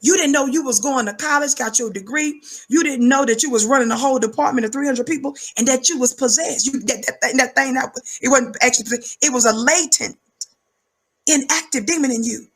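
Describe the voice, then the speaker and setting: A woman's voice: brisk, slightly rough. A woman giving fiery preaching-style commentary, emphatic and rhythmic, repeating words for effect. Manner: calls herself high-energy.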